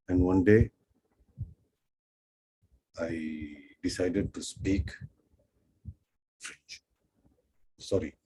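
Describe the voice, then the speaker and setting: Deep, slow-spoken man with an Indian accent. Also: mellow, a little hiss or hum, rough recording. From Pondicherry, India. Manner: unhurried, self-deprecating, acts out quoted dialogue. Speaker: French teacher. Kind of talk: storytelling lecture.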